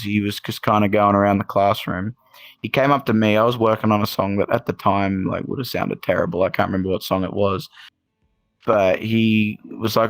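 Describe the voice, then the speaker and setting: A man's voice: fairly low pitch, fairly bright tone, smooth, no room sound. An Australian man telling stories as a podcast guest in a casual, rambling way, full of fillers and restarts. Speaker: guest musician. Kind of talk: casual podcast interview storytelling.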